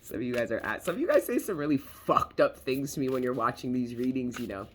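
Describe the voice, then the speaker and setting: A man's voice: mid-range voice, lively intonation, quick pace, slight background noise. A man giving a casual tarot reading, talking in a rambling, emphatic way, swearing freely and repeating himself. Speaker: tarot reader.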